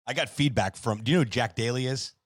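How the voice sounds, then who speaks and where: A man's voice: mid-range voice, quick pace, dry recording, studio quality. A man hosting a podcast, telling a chatty anecdote with frequent fillers. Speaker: podcast host. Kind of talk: casual conversation.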